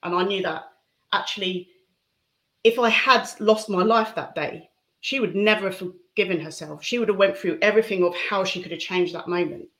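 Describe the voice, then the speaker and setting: A woman tells her own story to an interviewer in an open, reflective way, breaking into soft laughs now and then. Her pitch sits at an ordinary middle height for a woman. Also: moderate pace. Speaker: interview guest. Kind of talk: personal testimony in conversation.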